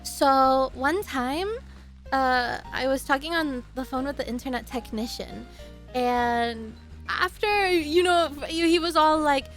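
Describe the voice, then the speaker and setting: Speaking at a slow pace, a young woman with a high, light voice chats on a live stream, rambling across tangents and laughing frequently. She halts mid-story to greet viewers by name, with soft background music throughout.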